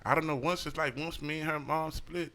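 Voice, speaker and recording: A man co-hosting a casual podcast chat, telling animated, profane stories about his daughter and acting out her voice. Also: a little fast. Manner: animated storyteller, acts out his daughter in a high voice; profane, laughs often. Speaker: podcast co-host.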